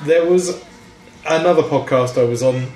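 A man's voice: on the high side, a little mellow, echoey room. A man from South East London with a South London accent, chatting casually as a podcast co-host and drifting into jokey digressions. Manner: rambling, digressive, quick to joke. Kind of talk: casual chat.

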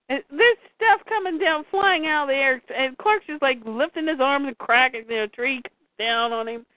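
A woman's voice: high voice, normal speed, hardly any pauses, no room sound. A woman co-hosting a casual chat, retelling comic scenes and reading the dialogue aloud. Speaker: comics podcast co-host. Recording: tinny phone-like line, dry.

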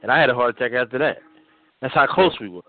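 A man talking on a casual radio show, halting and repeating words as he reminisces. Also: mid-range voice, dry recording, faint music behind. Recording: dry tinny phone-like line.

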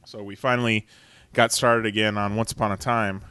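A man's voice: fairly low pitch, level tone, a little fast, sharp tone, clean tone, dry recording. A man co-hosting a podcast in casual chat, ranting with plenty of swearing and frequent laughs. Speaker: podcast co-host.

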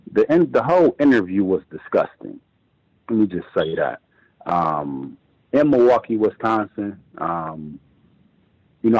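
A man calling in to a radio show, speaking in a hesitant, measured way with many pauses. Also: on the low side, a little mellow, no echo, muffled recording. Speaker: caller. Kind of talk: call-in radio commentary.

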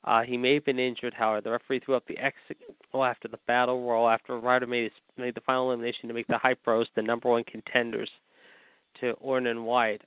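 A man's voice: mid-range voice, flat delivery, fast talker, smooth, dry recording. A man co-hosting a wrestling podcast, reading the news in a rambling way and leaning on "however" and "apparently". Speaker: podcast co-host. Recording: dry, phone-like line.

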